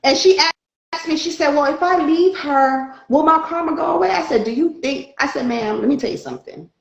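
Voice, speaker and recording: Animated high-voiced woman telling a story. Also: fairly quick, vocal fry, roomy sound, poor audio. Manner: animated, acts out dialogue in her story. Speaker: guest, spiritual light worker. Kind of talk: casual storytelling chat.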